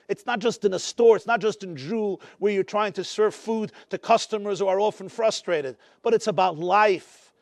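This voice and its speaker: A fervent male rabbi delivering a storytelling sermon, weaving in Yiddish and Hebrew phrases. His voice sits very high for a man and sounds dry and close, with little room echo. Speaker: rabbi giving a memorial address. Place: synagogue community gathering.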